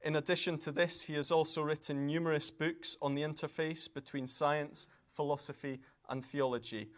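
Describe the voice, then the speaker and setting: A man's voice: fairly high pitch, fairly even intonation, normal speed. A man hosting a live event in a lecture hall, speaking politely and courteously as he introduces and interviews a guest.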